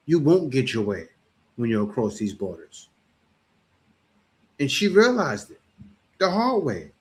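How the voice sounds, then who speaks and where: A man hosting a reaction commentary, talking in a mocking, animated way. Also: mid-range voice, a little slow. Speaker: commentator host.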